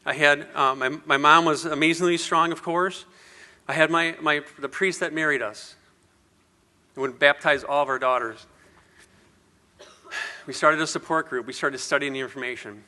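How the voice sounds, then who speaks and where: Man, middle-aged, motivational speaker, earnest storytelling, rhetorical questions, bright ringing tone, somewhat high voice. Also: brisk. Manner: earnest, rhetorical questions, repeats words when emotional. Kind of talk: personal story speech to an audience.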